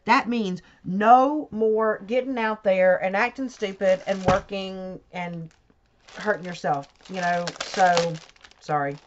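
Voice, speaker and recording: A crafting vlogger chats casually while diamond painting, telling a story at a rambling pace and correcting herself as she goes. Her voice is medium-pitched and slow, with slight background noise on a dull lo-fi home recording.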